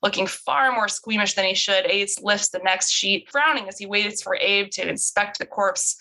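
Bright, forceful young woman reading a script. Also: mid-range voice, normal speed, low-quality recording. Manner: awkward, self-interrupting reading with laughs. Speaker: writer reading her script. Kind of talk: casual script read-through.

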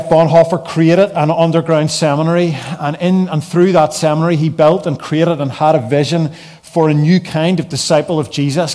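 A man preaching a keynote sermon, reading scripture slowly with soft falling phrase ends and building to emphatic repeated refrains. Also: a little high.

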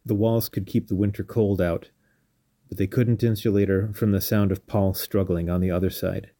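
A man narrating a scripted story in a calm, measured reading. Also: low voice, dry recording. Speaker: storyteller and podcast host.

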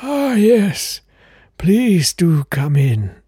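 A man doing a fluting, high old vampire count. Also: sing-song, extremely slow, mellow, husky, no room sound, studio quality, full character voice. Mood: genteel. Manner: genteel, fluting and mannered. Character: fussy old male vampire count, flamboyant.

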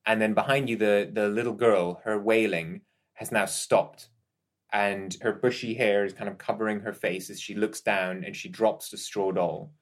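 A man narrating a tabletop horror game as game master, in measured descriptions with frequent pauses. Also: on the low side, fairly even intonation.

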